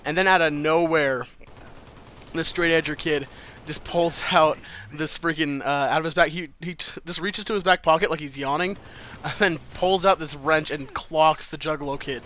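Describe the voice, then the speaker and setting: A man's voice: fairly high pitch, normal speed, sharp tone, a little hiss or hum. A man casually telling a personal story to camera, chatty and loose, swearing freely and laughing between lines.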